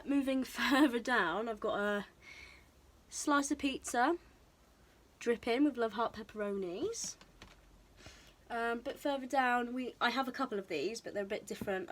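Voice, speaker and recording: A woman's voice: fairly high pitch, a bit bright. Breathless bubbly young woman vlogging. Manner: chatty and bubbly, with frequent ums. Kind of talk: casual show-and-tell vlog. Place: indoor room, tripod camera. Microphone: camera mic on tripod, moved around.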